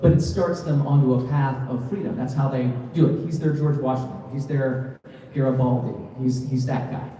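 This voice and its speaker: A man's voice: medium pitch, fairly even intonation, moderate pace, hardly any pauses, mellow. A man doing stage banter between songs at a live music bar, telling a story in a rambling, jokey way full of slangy asides. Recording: roomy echoey venue from far off with live music.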